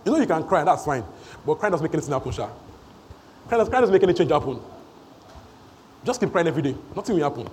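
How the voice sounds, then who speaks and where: A man preaching a sermon in church. He repeats phrases for emphasis and swings between shouting and hushed asides. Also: on the high side, very animated, quick pace, pauses often, slight background noise. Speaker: pastor.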